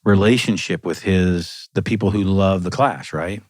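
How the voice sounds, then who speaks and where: Older male musician, deep voice, animated anecdote-teller, dry recording. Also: moderate pace, no echo. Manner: lively storyteller, chuckles between lines. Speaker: musician guest. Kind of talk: storytelling anecdote on a podcast.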